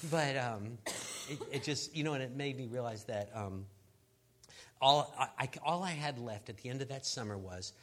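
A man, a pastor, sharing a personal testimony on a panel in an earnest, halting way, restarting his sentences and laughing at himself as he goes. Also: mid-range voice, a bit bright. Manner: laughs at himself while telling the story.

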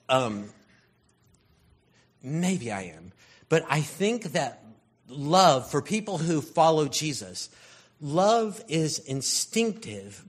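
Husky man preaching in a rambling way. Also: a little high. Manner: rambling, storytelling, frequent fillers. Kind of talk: conversational sermon.

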